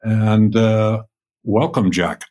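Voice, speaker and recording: A man with a Dublin accent, co-hosting a podcast and asking questions in an easygoing, unhurried way. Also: fairly low pitch, steady tone, warm tone. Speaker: podcast co-host. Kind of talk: casual interview.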